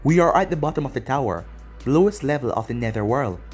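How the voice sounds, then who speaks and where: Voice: mid-range voice, animated, fast, a little mellow, faint music behind, lightly acted. A narrator voicing a haughty three-headed gatekeeper dog. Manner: haughty, commanding.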